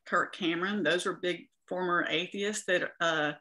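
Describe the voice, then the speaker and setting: A woman's voice: on the low side, steady tone, moderate pace, sharp tone. A woman guest in an interview, sharing her faith story in an earnest, preaching manner.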